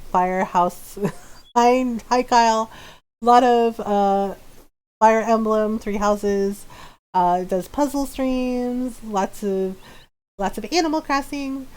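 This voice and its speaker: A woman's voice: a little high, darkish tone. A woman in her forties, a game streamer chatting casually with viewers, often laughing between her phrases.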